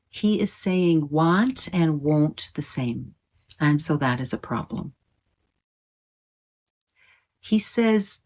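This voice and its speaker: A woman teaching a pronunciation lesson online, explaining sounds clearly and slowly demonstrating words. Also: sits low, expressive, a little mellow.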